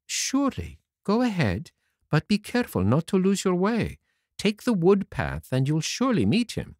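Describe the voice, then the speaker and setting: Gentle motherly fairy in a storybook, a man doing her voice, raised and lilting. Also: high-pitched, wildly swooping pitch, moderate pace, no room sound, studio quality, voice pushed up. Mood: kind.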